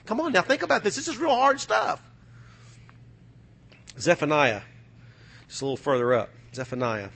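A middle-aged man from the United States preaching a sermon, fervent, going from loud bursts to hushed asides. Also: fairly high pitch, expressive, moderate pace, vocal fry, pauses often, husky.

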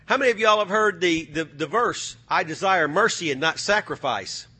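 A male pastor preaching a sermon with call-and-response, folksy speech, swinging from soft to loud. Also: sits high, lively intonation, normal speed, slightly rough. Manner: folksy, drawls phrases like y'all and ain't.

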